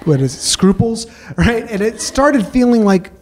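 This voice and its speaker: A man telling a comic personal story on stage, rambling with halting restarts and self-mocking punchlines. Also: high-pitched, lively intonation, a little mellow, slight background noise.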